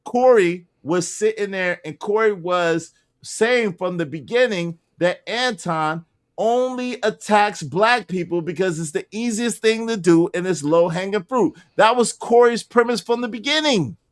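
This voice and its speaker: A man's voice: high voice, unhurried. A man hosting a casual livestream panel, arguing his points insistently and repeating them for emphasis. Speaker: livestream host.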